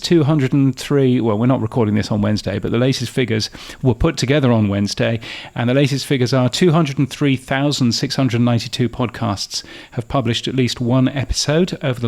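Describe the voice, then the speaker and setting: A man hosts a podcast in a chatty, wry way, often restarting his sentences. His voice has a gravelly edge at a middling pitch. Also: normal speed, a little mellow. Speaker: podcast news host. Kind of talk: casual podcast chat.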